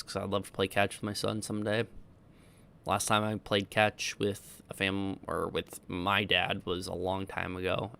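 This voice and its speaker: A man in his twenties from Iowa, United States, casually answers viewer questions on a stream in an easygoing way, rambling and correcting himself. His voice is on the low side, creaky, and fairly bright in tone.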